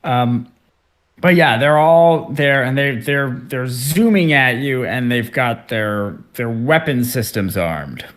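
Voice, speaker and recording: A man's voice: medium pitch, expressive, slow pace, a bit bright. Rambling male game master. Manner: rambling, many fillers and restarts. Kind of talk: narrating a tabletop game over a call.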